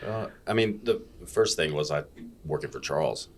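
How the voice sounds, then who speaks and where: A man's voice: a bass voice, moderate pace. An American man telling stories as a guest in a casual podcast chat, blunt and freely swearing. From United States. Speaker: guest, fitness educator.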